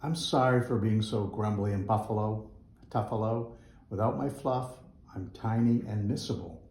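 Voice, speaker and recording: A man voicing a grumpy, huffy male buffalo in a storybook, loud and blustering, in an echoey school room. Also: lowish voice, moderate pace, a little hiss or hum, lightly acted. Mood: sorry.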